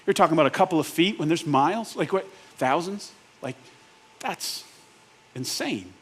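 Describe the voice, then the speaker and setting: A man putting on God in soft disbelief, incredulous and faintly amused, quiet half-laughing delivery, pitched somewhat high for a man. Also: lively intonation, normal speed, slight background noise. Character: incredulous God, baffled by petty comparisons.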